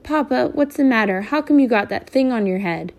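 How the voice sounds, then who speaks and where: A woman voicing an eager, excited little boy asking questions. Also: a little high, brisk, pitched above the performer's own voice. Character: small eager young boy.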